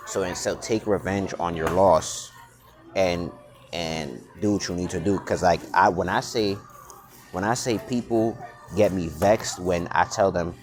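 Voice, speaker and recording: A man's voice: low-pitched, fairly even intonation, measured pace, a little mellow. A man vlogging in a blunt, profane, unscripted monologue, often restarting and repeating words. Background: music.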